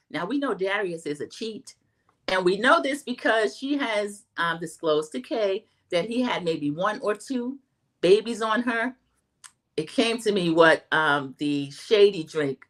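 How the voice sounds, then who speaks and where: A woman's voice: on the low side, animated, normal speed, a bit bright. A middle-aged woman hosting a casual livestream recap, chatting straight to her viewers. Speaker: host.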